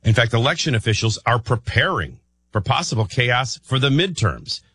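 A man hosting a morning talk radio show, rambling and thinking out loud with many restarts. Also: medium pitch, sing-song, moderate pace, breathy edge, no room sound.

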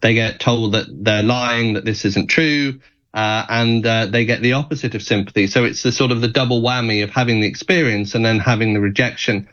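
A man speaking as a guest on a radio talk show, in a measured way with frequent fillers. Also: mid-range voice, fairly even intonation, fairly bright tone, lo-fi sound.

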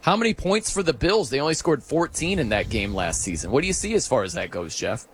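A man hosting a sports radio show, excitable and chatty, imitating stadium chants as he talks. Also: mid-range voice, fairly quick, slight background noise. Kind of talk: energetic sports talk.

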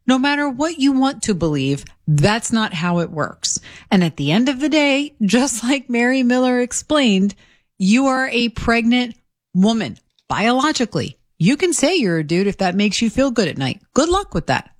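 A woman's voice: fairly high pitch, very animated, normal speed, no room sound. Female radio co-host, blunt and sarcastic, dry studio mic. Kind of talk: opinionated talk radio banter.

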